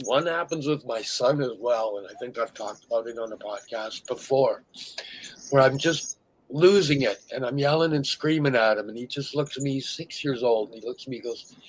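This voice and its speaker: A middle-aged man hosting an interview, speaking candidly and emphatically, sometimes dropping to hushed tones. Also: medium pitch, moderate pace, a little hiss or hum, low-quality recording. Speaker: host.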